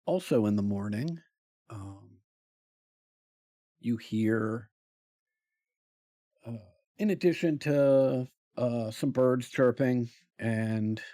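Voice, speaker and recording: A man narrating a tabletop role-playing game as game master, slow and hesitant with many pauses and fillers. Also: mid-range voice, dark tone, no echo, studio quality.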